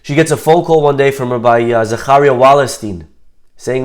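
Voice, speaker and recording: A man giving a storytelling talk, lively and acting out the people he describes. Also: medium pitch, moderate pace. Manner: animated, acts out the people in his story. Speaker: speaker.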